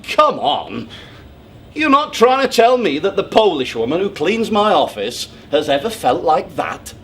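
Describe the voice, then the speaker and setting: A self-satisfied, controlling suitor, played by a man on stage, laying out his plans in a stage monologue. His voice swings up and down with lively emphasis and sits at an ordinary middle pitch. He talks in a smug, over-precise way that turns condescending. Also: moderate pace, a little hiss or hum, close to an everyday voice. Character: pompous, controlling, self-assured man proposing. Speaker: stage actor. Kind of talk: theatrical monologue. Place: theatre stage.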